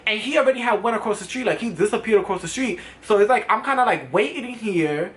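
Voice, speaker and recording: A young man spinning a storytime tale for his vlog. He talks fast and loose, full of slang and swearing, and his voice leaps up when he gets worked up. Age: young adult. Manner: animated, profane, slangy storytelling with pitch jumps. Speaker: vlogger.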